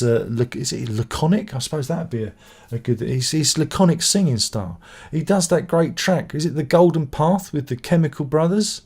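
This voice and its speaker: A man's voice: mid-range voice, dark tone. A middle-aged man hosting a live stream, reading out viewer comments and answering them with rambling, exclamatory chatter and swearing. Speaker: channel host.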